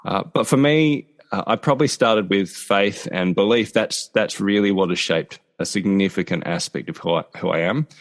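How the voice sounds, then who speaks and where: Measured South Australian man explaining. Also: lowish voice. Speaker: podcast guest, author. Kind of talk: interview answers. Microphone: video call.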